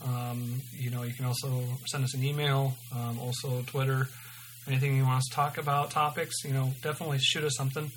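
A man's voice: mid-range voice, level tone, a little fast, fairly bright tone, slight background noise, rough recording. A man hosting a podcast, reading his own story aloud and signing off loosely with lots of ums. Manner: loose and informal, many ums. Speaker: podcast host.

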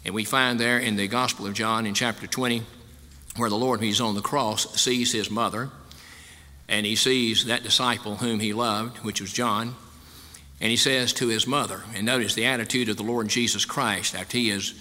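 A man's voice: fairly low pitch, fairly even intonation, normal speed, bright, forceful tone. A man, a pastor, giving a sermon in a folksy, conversational way, recorded in a church sanctuary. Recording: long hall reverb.

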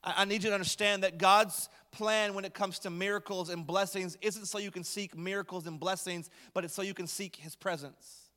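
A male pastor with a high voice preaches in a relaxed, conversational way, slipping light humor into his storytelling. His words ring out with the long reverb of a church hall. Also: brisk, few pauses. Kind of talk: sermon.

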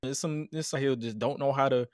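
A man's voice: mid-range voice, fairly even intonation, a little fast, a crowd in the background. A man hosting a podcast, easygoing and laughing along, stumbling over his words in casual chat. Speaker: podcast host.

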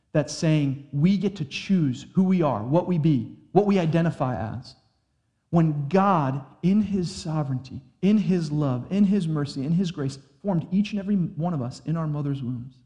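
A young adult man preaching a sermon, earnest and conversational, slowing down for emphasis. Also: a little high, mellow. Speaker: pastor.

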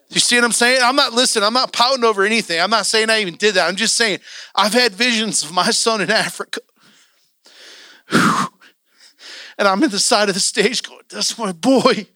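In a church, a man preaches an impassioned sermon, urging his congregation on. He has a high, bright voice with a forceful edge, recorded dry and close with no room sound.

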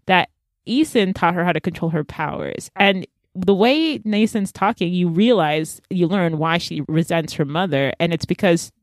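A woman's voice: fairly low pitch, no echo, studio quality. Chatty woman recapping a story. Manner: chatty, animated retelling with quick asides. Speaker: podcast co-host recapping a novel. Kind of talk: casual chat.

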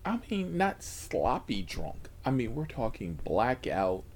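A man's voice: mid-range voice, wildly swooping pitch, slow, darkish tone. A man who hosts a channel, telling stories to the camera about driving for a ride service, swearing freely, laughing, and dropping into whispered asides. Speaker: rideshare driver and channel host. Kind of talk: casual storytelling to camera.

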